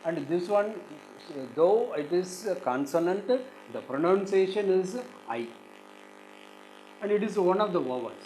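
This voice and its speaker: A man's voice: high-pitched, expressive, a little slow, a little mellow, a little hiss or hum, rough recording. A male English teacher with an Indian English accent gives a recorded lesson, saying each word several times and leaning on the stressed syllable. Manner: drills words by repeating them several times, stressing syllables. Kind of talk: recorded exam-prep lesson.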